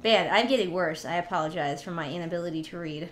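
A woman's voice: lowish voice, fast, slight background noise, rough recording. A woman hosting a let's-play, making crude, self-mocking jokes as she reads a game aloud. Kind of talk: casual game commentary, reading dialogue aloud. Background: game music.

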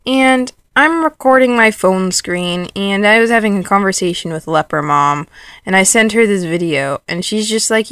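A woman's voice: mid-range voice, moderate pace, a bit bright, clear, resonant tone, dry recording, clean studio sound. A woman vlogging late at night in a dim room, rambling and reading out text messages. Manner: rambling, giggly, quotes text messages aloud. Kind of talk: casual late-night vlog.

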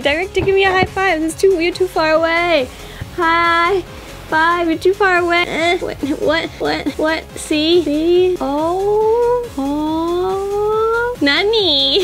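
A woman hosting a casual vlog, bubbly and excitable, often exclaiming as she talks to her viewers. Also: extremely high pitch. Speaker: YouTuber host.

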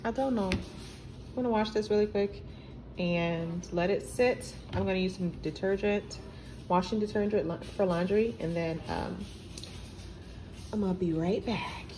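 A vlogger with a mid-range voice and a measured pace chats casually to her viewers while doing her hair at home. The room is echoey, with faint background noise.

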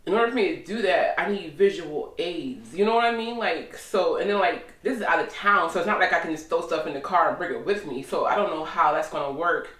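Woman vlogger, casual and lively, echoey room, off-mic. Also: on the low side, brisk, few pauses, far from the mic. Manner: chatty, animated. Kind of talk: casual vlog chat.

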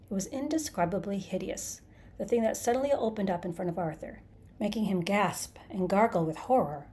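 A woman narrating a comic science fiction novel in a measured, dry storytelling delivery. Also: mid-range voice, a little mellow. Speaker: narrator, podcast host. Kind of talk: scripted audiobook narration.

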